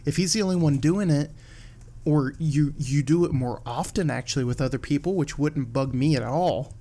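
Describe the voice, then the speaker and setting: A man hosting a casual wrestling podcast from home, animated, swearing and laughing as he acts out what others said. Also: on the high side, normal speed. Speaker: podcast host.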